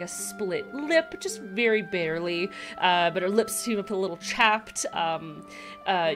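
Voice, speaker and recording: A woman narrating as dungeon master in a tabletop game, chatty and full of ums. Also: medium pitch. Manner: chatty, hesitant with many ums.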